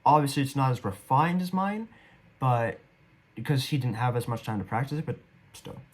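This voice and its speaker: A young actor with a medium-pitched voice reviews his own stage performance at a moderate pace. His commentary is casual, rambling, and a bit self-deprecating.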